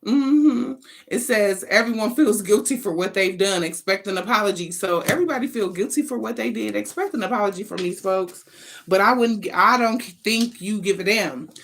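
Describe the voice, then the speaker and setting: A woman delivering a casual spiritual card reading straight to her audience, blunt and salty with plenty of swearing. She talks in emphatic, sassy bursts and pauses to think aloud, pitched at an ordinary middle height for her. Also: a bit bright. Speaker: tarot card reader.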